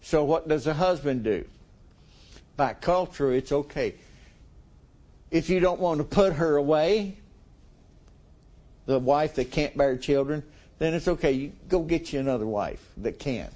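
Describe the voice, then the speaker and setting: A man's voice: on the high side, animated, unhurried, pauses often, mellow. A middle-aged man preaching a sermon in a folksy way, chuckling with his congregation.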